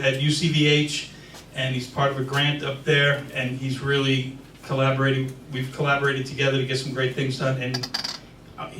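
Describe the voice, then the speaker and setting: Chatty man hosting an event. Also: on the high side. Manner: chatty, warm introductions, a bit emotional. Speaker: event host. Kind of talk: casual event speech. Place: event hall with a crowd. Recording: echoey hall, crowd noise, distant mic.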